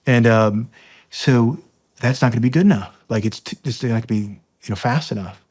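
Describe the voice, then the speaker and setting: A man from the United States, a Marine officer, tells a long story in a podcast interview, halting often with restarts and fillers and acting out the dialogue. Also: medium pitch, a little mellow, breathy edge.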